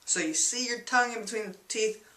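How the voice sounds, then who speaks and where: A woman teaching English to learners, slowly and patiently, repeating and spelling out words, heard a little off-mic in an echoey room. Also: a little high, sharp tone, distant mic. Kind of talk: slow English lesson for learners.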